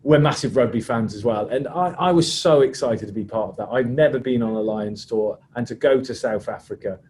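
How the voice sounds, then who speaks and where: A man's voice: mid-range voice, brisk, a little mellow, slight background noise. Chatty male referee telling stories. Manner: chatty, hesitant with many restarts. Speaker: rugby referee guest. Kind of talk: anecdotal storytelling on a webinar. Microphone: video call.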